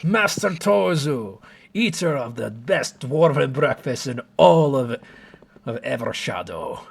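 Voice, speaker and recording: A man voicing a boisterous male dwarf innkeeper who makes loud announcements. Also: medium pitch, expressive, slow, vocal fry, voice pushed up. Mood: booming.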